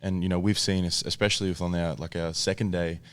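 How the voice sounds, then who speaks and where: A man's voice: deep voice, flat delivery, quick pace, dry recording, clean studio sound. A man hosting a casual podcast chat, steering the talk with long, open questions. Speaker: podcast host. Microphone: headphones and studio mic.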